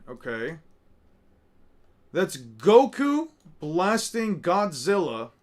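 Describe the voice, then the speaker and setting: A man's voice: a little high, animated, measured pace, long pauses, a bit bright. A man giving casual, profane commentary, muttering names and reactions as he looks over a crowded picture. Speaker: streamer reacting to artwork.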